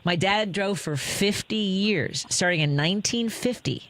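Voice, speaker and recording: A middle-aged woman hosts a radio talk show, speaking into a studio microphone. She tells personal stories animatedly, with big rises and drops in her voice and quick side remarks. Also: crowd noise. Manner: animated, wide pitch swings, quick asides.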